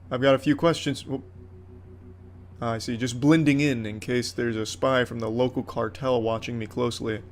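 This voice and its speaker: A man's voice: medium pitch, slight background noise. A man giving comedic gameplay commentary in a crude, sarcastic, mock-heroic way. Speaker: gaming commentator.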